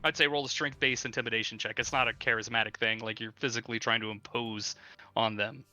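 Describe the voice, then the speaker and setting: A man's voice: mid-range voice, little pitch movement, fast, pushed and bright, soft background music. A man narrating as game master of a tabletop game in a casual, filler-heavy way.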